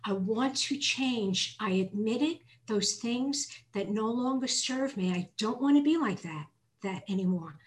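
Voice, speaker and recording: Earnest reflective woman sharing recovery work. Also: mid-range voice. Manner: earnest and reflective, reading lists aloud from her notes. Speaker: twelve-step program member sharing her step work. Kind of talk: personal recovery share.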